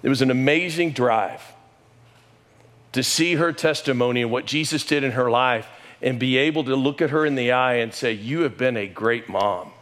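A middle-aged man delivering a sermon in an emotional storytelling manner. His voice sits at an ordinary pitch for a man. He lifts his pitch and volume when he quotes others. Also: moderate pace, fairly bright tone. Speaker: pastor.

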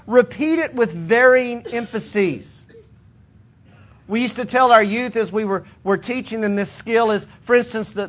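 Man, pastor, high-pitched, earnest sermon, conversational, self-correcting restarts. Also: a bit bright. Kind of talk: sermon teaching to a congregation.

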